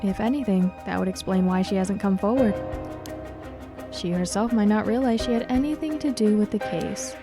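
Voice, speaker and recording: A cocky, wry private detective who drawls his doubts with dry humour, as a woman reads him from a game. The voice sits at an ordinary middle pitch, and game music plays clearly underneath. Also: moderate pace, lightly acted. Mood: musing. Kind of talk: game voice-over read live. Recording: game music playing behind.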